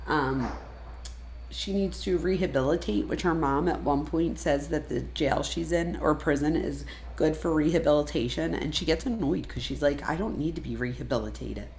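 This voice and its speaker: A woman with a low voice reacts to a true crime case in emphatic, exasperated commentary. She often pushes into loud bursts of emphasis. A faint hiss sits under her voice. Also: rough recording.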